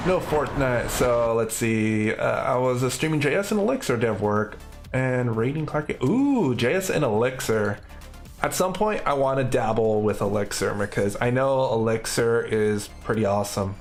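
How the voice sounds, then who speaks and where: A man streaming live coding, thinking aloud in casual, upbeat commentary. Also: mid-range voice.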